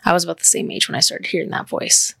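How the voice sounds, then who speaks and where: A woman's voice: fast, bright, forceful tone, no echo. A woman in her thirties hosting a podcast, talking in an earnest, rambling, storytelling way. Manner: earnest, rambling, tells stories. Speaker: podcast host. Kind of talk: casual heartfelt podcast chat.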